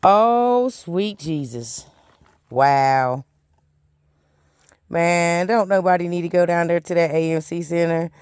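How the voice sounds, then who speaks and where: A man's voice: fairly high pitch, steady tone, measured pace, pauses often, darkish tone, clean tone, dry recording. A man vlogging on a hiking trail, chatty and exclamatory, calling his viewers honey and y'all. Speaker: thru-hiker vlogger. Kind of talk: casual vlog while hiking. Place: outdoors on a forest trail.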